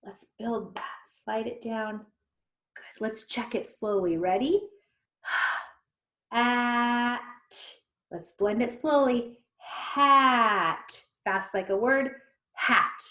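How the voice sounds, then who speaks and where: A woman's voice: a little high, unhurried, darkish tone. A woman teaching a recorded phonics lesson to young children, patiently sounding out each letter one at a time. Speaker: reading intervention teacher. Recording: echoey room.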